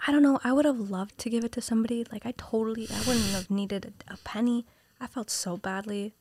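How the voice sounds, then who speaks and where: A woman's voice: fairly high pitch, quick pace, breathy edge. Young woman telling a story animatedly. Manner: animated storytelling, whispers quoted lines. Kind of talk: casual chat.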